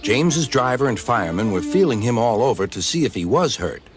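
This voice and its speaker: A man reading a children's story aloud in scripted narration, expressive, doing the characters' voices himself. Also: mid-range voice, brisk, over music.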